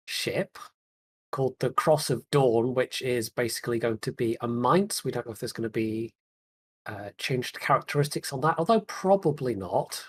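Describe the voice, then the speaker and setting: Casting: male podcast host, easygoing, talkative, laughs a lot, lets sentences trail away. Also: mid-range voice. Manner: chatty, laughs often, trails off. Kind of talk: casual gaming chat.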